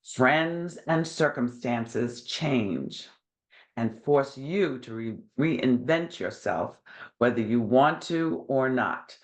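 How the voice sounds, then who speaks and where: Hosting a podcast with a New York accent, this woman has a bass voice with lively intonation and speaks at a slow pace. The casual interview chat finds her enthusiastic and chatty, with frequent laughter.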